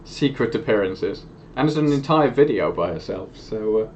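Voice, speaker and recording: A man's voice: lowish voice, expressive, moderate pace, a little mellow, highs cut off, a little hiss or hum. A man co-hosting a charity live stream, reading out donations and adding dry, laughing asides. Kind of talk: casual live-stream chat.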